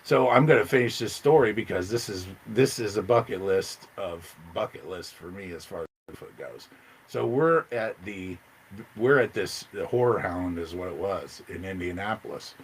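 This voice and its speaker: A man telling a long story in casual chat, rambling and excitable, jumping into loud high voices when he quotes himself. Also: normal speed, a little hiss or hum, poor audio.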